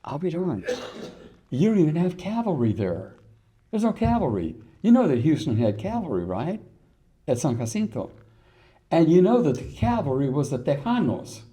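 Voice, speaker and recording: A man's voice: a little high, big pitch swings, moderate pace, dark tone. An older man giving a folksy history lecture, telling stories and asking the audience rhetorical questions. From Texas. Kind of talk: public lecture.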